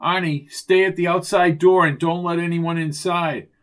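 A man's voice: fairly high pitch, fairly even intonation, moderate pace, a bit bright, voice pushed up, natural voice. A man voicing a determined amateur sleuth who talks urgently and insistently. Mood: pressing.

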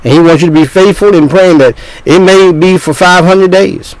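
A man's voice: high voice, normal speed, dry recording, low-quality recording. An older man in his sixties preaching a sermon as a pastor, talking in bursts with repeated words and restarts.

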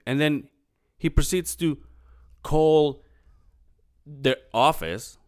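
A man's voice: medium pitch, moderate pace, clear, resonant tone. A middle-aged man in casual chat, telling a story with acted-out quotes and a lot of swearing. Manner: animated, acts out quotes, swears freely. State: clearing his throat, morning voice. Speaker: podcast co-host.

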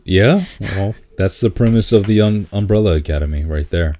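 A man in casual chat, laid-back and laughing often, repeating words when he gets excited. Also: on the low side, moderate pace.

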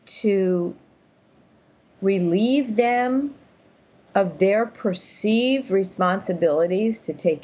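An older woman with a mid-range, slightly mellow voice tells her story as an interview guest, calling in from a room at home. She's earnest and emphatic in this casual interview talk, and the recording sounds muffled.

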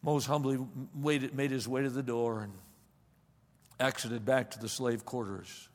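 Male preacher, sermon storytelling, dramatic loud-soft delivery, long hall reverb. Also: medium pitch, steady tone, a little slow.

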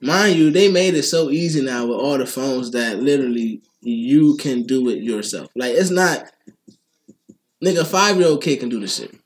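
A man chatting casually on a podcast, telling animated, profane stories full of slang and laughing through them. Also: mid-range voice, normal speed. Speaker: podcast co-host, phone store worker. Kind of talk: casual chat, storytelling.

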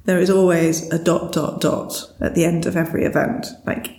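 Woman, low gravelly voice, reflective casual chat, laughs often, echoey room. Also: moderate pace. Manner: thoughtful, laughs often, retells stories with lively quoted voices.

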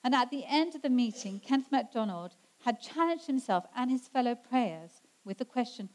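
A woman preaching a sermon in an earnest way, slowing down to stress scripture quotes. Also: a little high, expressive, a little mellow, poor audio. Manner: earnest, slows down for emphasis when quoting scripture.

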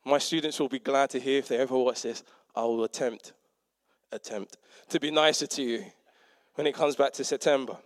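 Speaking a little fast at medium pitch, a young preacher and teacher delivers a conversational sermon in a clean studio with no room sound. He tells an animated story full of self-mocking humour, acting out the quotes of the people in it.

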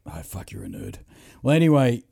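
Middle-aged Aussie man, warm dark tone, dry close mic, profane rambling storyteller. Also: mid-range voice, wildly swooping pitch, a little fast, gravelly, no echo. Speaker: podcast host. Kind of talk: casual storytelling chat.

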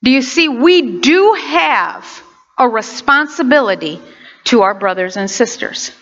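A woman preaching a sermon, impassioned and animated, with sudden loud outbursts. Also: a little high, measured pace. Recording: dull lo-fi recording.

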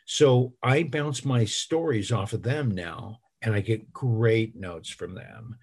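A man's voice: on the low side, slow, vocal fry, a little mellow, husky. A middle-aged man, an actor and voice actor, telling rambling, self-deprecating stories in a casual interview.

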